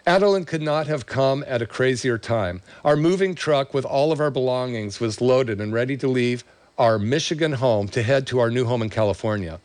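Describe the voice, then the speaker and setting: In a dry recording, a middle-aged male chiropractor with a medium-pitched, slightly mellow voice reads a patient's thank-you letter at a moderate pace. He chokes up with emotion while reading, then tells the story behind it and enthusiastically promotes his practice.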